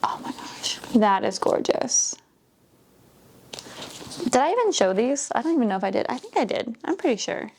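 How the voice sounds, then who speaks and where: A woman chatting casually as she unboxes books, gushing, gasping and dropping into soft whispers. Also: fairly high pitch, sing-song, moderate pace, long pauses, a little hiss or hum. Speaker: book vlogger.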